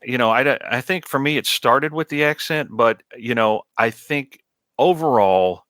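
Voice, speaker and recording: A man's voice: medium pitch, a bit bright, dry recording. A man from the American South co-hosting a podcast, discussing a film in a casual, agreeable way. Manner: agreeable, measured, chimes in often. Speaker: podcast co-host.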